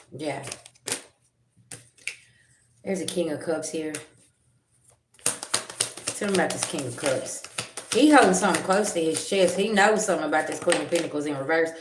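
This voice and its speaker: A woman giving a livestream tarot reading, blunt and confrontational, with slangy talk and sharp comebacks to her viewers. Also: low voice. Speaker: tarot reader. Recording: echoey room with loud background noise.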